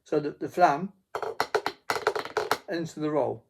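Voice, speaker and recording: A man teaching a beginner drum lesson in a halting way, with many fillers and restarts, counting beats aloud. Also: fairly high pitch, gravelly, over loud music. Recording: faint noise with drum pad clicks.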